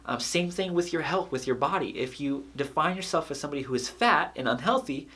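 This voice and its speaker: A man's voice: on the high side, lively intonation, fairly quick, bright, forceful tone. A man speaking earnestly to camera in a casual motivational talk, repeating phrases and laughing at his own jokes.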